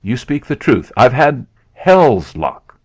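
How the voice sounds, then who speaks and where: A man voicing a rough hill man, loud, hot-tempered, gravelly, low-ish voice. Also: animated, fairly quick, no room sound. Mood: angry. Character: rough angry hill man, cornered and cursing. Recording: dull lo-fi sound.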